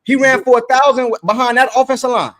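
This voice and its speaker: A man's voice: very high-pitched, fairly even intonation, fast, fairly bright tone. A man co-hosting a casual sports debate, defensive and insistent, who stumbles, repeats and restarts his phrases. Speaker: sports show co-host.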